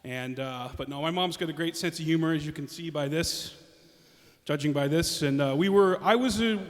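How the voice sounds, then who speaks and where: A male comic tells meandering stories, stumbling over restarts as he goes. His voice is high, and a long hall echo trails behind him. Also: normal speed. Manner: rambling self-interrupting storytelling. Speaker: comedian. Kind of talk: stand-up storytelling. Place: stage in a reverberant hall.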